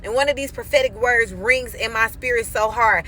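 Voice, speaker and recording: A woman in her thirties giving an animated, emphatic faith testimony on her vlog, acting out quoted dialogue as she tells the story. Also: a little high, moderate pace, few pauses, slight background noise. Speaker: vlogger.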